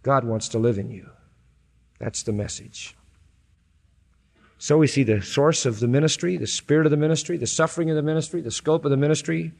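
A male preacher delivering a sermon, reading scripture slowly and building to loud, high-pitched emphasis before dropping back low. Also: gravelly. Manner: emphatic, rising sharply in pitch and volume at climaxes, then dropping low and slow; reads scripture aloud with drawn-out, deliberate phrasing. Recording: long hall reverb.

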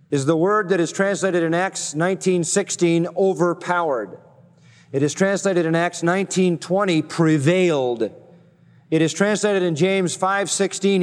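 Emphatic preacher in a reverberant hall. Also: male voice, fairly high pitch. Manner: emphatic, repetitive cadences with slow stressed phrases. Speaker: pastor. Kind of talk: expository sermon.

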